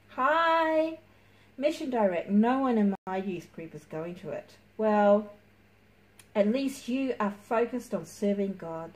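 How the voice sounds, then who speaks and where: A woman's voice: on the high side, animated, slow, long pauses, darkish tone, poor audio. A woman hosting a livestream, chatting casually and encouragingly with viewers and greeting them by name. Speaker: livestream host.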